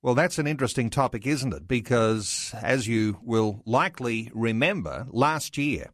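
A man, hosting a radio talk show interview in a measured, unhurried way. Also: medium pitch, no room sound, clean studio sound. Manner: measured, unhurried, with occasional fillers. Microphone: studio microphone.

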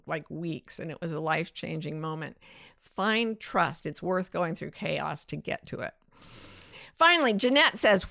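A middle-aged woman host giving gentle, playful life advice and answering listener questions. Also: mid-range voice, creaky, no room sound, studio quality. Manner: gentle, playful, acts out inner voices. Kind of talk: warm advice talk.

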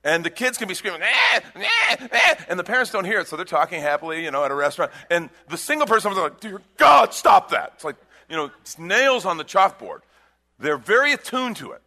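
A man preaching a sermon as pastor, animated, acting out little voices. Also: high-pitched, fast.

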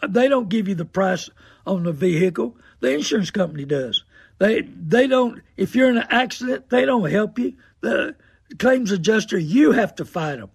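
A man's voice: high voice, animated, moderate pace, creaky, breathy edge, no echo, studio quality. An older man, talking as a radio host in a folksy, preachy monologue that repeats phrases for emphasis. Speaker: radio host and car dealer.

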